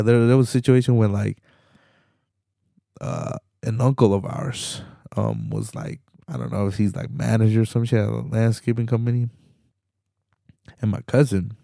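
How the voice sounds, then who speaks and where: Gravelly low-voiced young man ranting. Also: mellow, no echo, studio quality. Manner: slangy, profane, rambling, says "man" constantly. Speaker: podcast host. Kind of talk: casual solo podcast rant.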